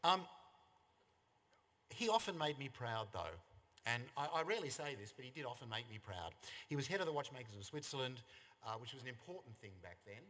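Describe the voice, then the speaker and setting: An Australian man in his fifties delivers a funeral eulogy in an easy, storytelling way, with a wry humour running through his anecdotes. His voice sits at an ordinary middle pitch. A long reverb of a service hall trails after his words. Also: sing-song, a little fast, sharp tone. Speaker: son giving a eulogy.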